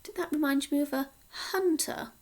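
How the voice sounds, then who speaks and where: A woman teacher from Cornwall slowly sounding out words in a sing-song phonics lesson for young children. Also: high-pitched. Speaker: primary school teacher.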